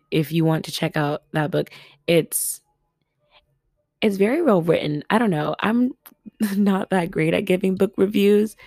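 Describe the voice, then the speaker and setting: A young woman from Los Angeles hosts her own podcast at her family's home, chatting casually in a low voice. She laughs a lot and lets out loud exclamations, and the sound is close-miked and dry.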